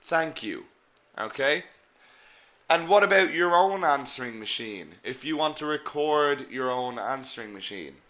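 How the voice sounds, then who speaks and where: Man, english teacher, online lesson, bright crisp tone, coaching. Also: mid-range voice, expressive. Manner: coaching, repeats example phrases slowly.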